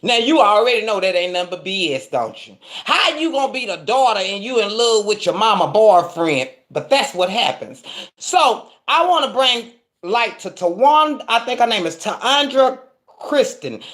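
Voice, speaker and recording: Lively Texan woman ranting to camera. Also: medium pitch, normal speed. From Texas. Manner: animated, repeats "do you hear me?", mock courtroom sentencing. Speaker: vlogger playing a judge. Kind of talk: casual monologue to camera.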